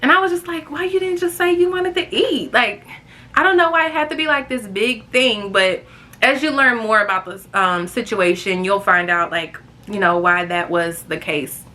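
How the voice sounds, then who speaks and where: A young woman telling a girls' trip story to her viewers in casual vlog style, animated and chatty. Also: normal speed. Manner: chatty, animated, jumps high when quoting friends. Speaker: storytime vlogger.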